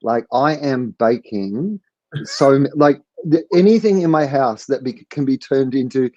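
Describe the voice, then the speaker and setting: A man's voice: mid-range voice, lively intonation, measured pace, a little mellow, dull audio. An Australian man, a comedian guest, joking in a dry, self-mocking, rambling way over a video call. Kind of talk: casual comedic chat.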